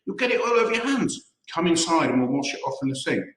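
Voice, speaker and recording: Man doing a squealing fussy old woman, very high, echoey room. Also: sing-song, fast, fairly bright tone, recorded from a distance. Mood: alarmed. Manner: crying out, squealing.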